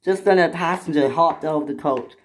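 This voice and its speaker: A woman's voice: sits low, fairly quick, slight background noise. A woman narrating a toy train story in a plain storytelling way.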